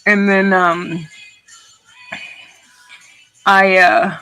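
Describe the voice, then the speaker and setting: Soft background music plays as a woman artist chats very slowly on her livestream, rambling and swearing now and then while she works. Her medium-pitched voice is pushed and bright with fairly even intonation, on a low-quality recording.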